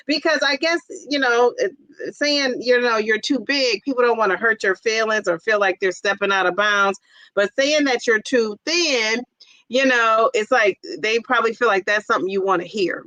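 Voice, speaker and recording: A middle-aged woman hosts a casual livestream, chatting, reading viewer comments aloud, laughing often and exclaiming "Jeez Louise." Her voice is on the high side and sharp in tone, at a normal speed. The audio is dull, with no room sound.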